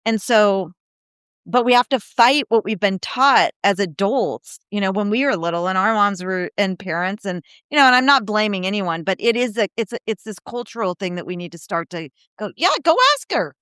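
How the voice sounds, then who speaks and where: A woman guest on a podcast, speaking casually and telling animated stories, acting out the people she quotes, with frequent "you know, like" fillers. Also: medium pitch, normal speed, smooth, no room sound, studio quality. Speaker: guest, disability advocate and speaker.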